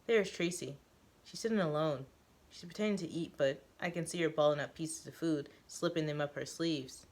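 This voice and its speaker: A woman reading a first-person story aloud, halting now and then with fillers and self-corrections. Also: sits low, darkish tone. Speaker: reader of a story.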